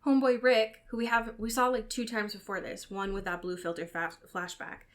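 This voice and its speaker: A woman's voice: a little high, little pitch movement, fairly quick, fairly bright tone. A woman co-hosting a podcast in casual chat, retelling scenes in quoted voices and swearing casually. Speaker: podcast co-host. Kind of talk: casual chat recapping a TV show.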